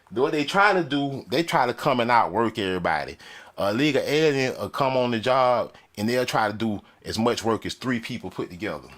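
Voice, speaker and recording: A man delivering a loud, profane, mocking comedic rant on a desk mic with a soundboard. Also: medium pitch, background noise. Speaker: comedic commentator.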